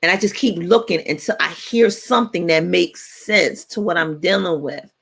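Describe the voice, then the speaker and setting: A woman in her forties, co-hosting a radio talk show and telling stories in a playful, animated way. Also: on the low side, normal speed, vocal fry, husky. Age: 40s. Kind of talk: casual chat.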